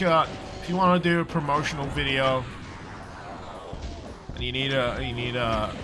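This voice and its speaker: A young man from Liverpool with a softened Scouse accent, giving casual gameplay commentary on a livestream, rambling, stammering over words and swearing wryly. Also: mid-range voice. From Liverpool, England. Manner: rambling, stammering repeats, frequent swearing, wry.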